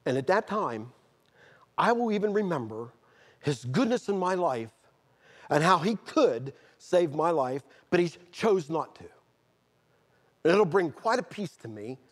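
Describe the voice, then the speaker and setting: A middle-aged man, preaching a sermon and telling a personal testimony, moving from quiet storytelling to fervent outbursts. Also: on the high side, big pitch swings, unhurried, long pauses. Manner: earnest, swings from quiet storytelling to shouted fervor.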